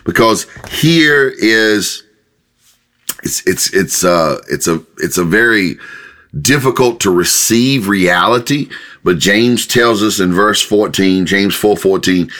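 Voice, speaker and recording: A male pastor, preaching a sermon with animated delivery and sudden jumps in pitch when voicing God. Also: slow pace. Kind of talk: podcast sermon teaching.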